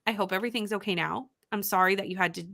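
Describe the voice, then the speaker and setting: A woman's voice: mid-range voice, steady tone, racing, creaky, bright, forceful tone. A young woman hosting a casual reading livestream, chatting and greeting viewers by name as she reads their comments.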